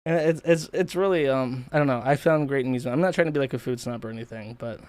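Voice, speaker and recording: A man's voice: mid-range voice, clean tone, dry recording. Profane, mocking male streamer. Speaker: streamer host. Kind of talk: livestream commentary rant.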